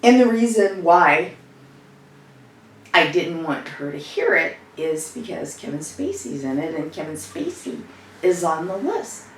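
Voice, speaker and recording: An actress playing a social worker improvises a rambling, conversational story, with fillers, about a family row. Her voice is low-pitched and very animated at a measured pace. The echoey room and distant mic come with a little hiss or hum.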